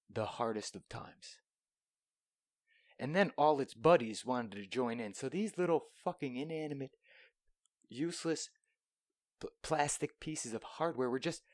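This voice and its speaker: A man's voice: mid-range voice, no room sound, clean studio sound. A young man hosting a podcast alone, telling a rambling, profane story and dropping into whispers now and then. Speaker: podcast host. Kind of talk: solo storytelling monologue. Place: small room, alone.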